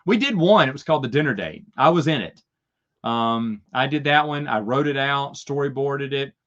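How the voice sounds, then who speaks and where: A man's voice: mid-range voice, animated, moderate pace, a bit bright, muffled recording. A man hosting a casual Q&A chat, rambling through stories and chuckling at his own jokes. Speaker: host answering viewer questions.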